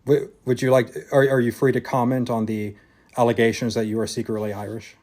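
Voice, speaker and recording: A man's voice: mid-range voice, flat delivery, a little fast, a little mellow. A man from Louisiana hosting a podcast interview, speaking hesitantly with frequent restarts. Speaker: podcast host. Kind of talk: casual interview chat.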